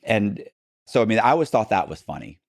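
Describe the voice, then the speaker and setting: A man, a podcast guest, telling stories in casual talk and acting out the other people in them with sudden jumps in pitch. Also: a little fast, gravelly, no echo, studio quality. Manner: animated, acts out quoted dialogue with pitch jumps. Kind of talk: casual storytelling.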